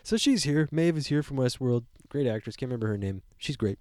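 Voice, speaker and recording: A man co-hosting a casual movie review chat, animated and swearing freely while he acts out characters' lines. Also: medium pitch, a little fast, no room sound, studio quality. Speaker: podcast co-host.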